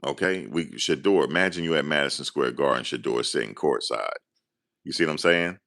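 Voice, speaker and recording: Deep-voiced New man, casual rambling fan commentary, excitable. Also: fairly quick, vocal fry. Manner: excited, rambling, animated storytelling. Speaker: sports commentator.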